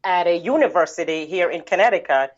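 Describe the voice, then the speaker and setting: A woman's voice: fairly low pitch, lively intonation, fairly quick, lo-fi sound. A woman from the Caribbean, a bookkeeping business owner, telling her story in a casual interview, with many "you know"s and laughs.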